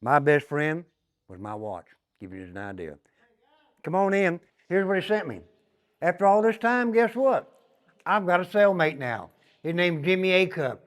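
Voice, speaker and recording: A man's voice: high voice, lively intonation, moderate pace. An older man, a former prisoner guiding a walking tour in a folksy storytelling way, often calling the group "guys". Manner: folksy, repeats "give you an idea", addresses group as guys. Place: large echoey prison halls and yard. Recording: long echoey reverb of hard halls.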